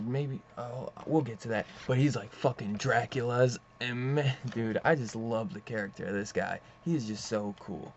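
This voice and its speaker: A man's voice: mid-range voice, a little mellow. A man casually recapping a comic issue, rambling with many fillers and reading out the characters' lines as he goes. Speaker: comic book reviewer. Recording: dull lo-fi sound with faint noise.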